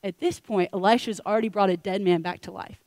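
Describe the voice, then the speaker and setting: Lively woman preacher, dry sound. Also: medium pitch, quick pace, no echo. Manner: lively storytelling, acting out characters with casual slang. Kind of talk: sermon. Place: church.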